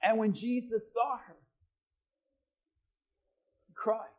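A high-voiced man preaching from the pulpit. He drops to a quiet, measured reading tone, then climbs into loud, fervent exhortation. His delivery is dramatic and insistent. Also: dull audio. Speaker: pastor. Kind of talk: sermon.

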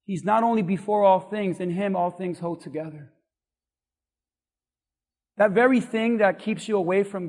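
A male pastor preaching a sermon, animated and building to shouts in places. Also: high voice, normal speed, long pauses. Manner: animated, rising to shouts at points. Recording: long hall reverb.

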